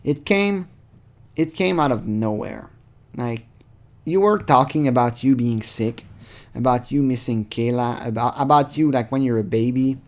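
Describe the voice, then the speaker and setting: A man's voice: mid-range voice, measured pace. A man hosting his channel, giving rambling, sarcastic casual commentary full of fillers. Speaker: channel host. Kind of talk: casual commentary reading chat logs.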